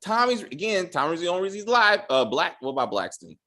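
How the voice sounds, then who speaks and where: Man, host, casual chat, animated, profane, slightly high voice. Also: quick pace. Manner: animated, profane, quotes characters in put-on lines. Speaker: podcast host reviewing a TV episode.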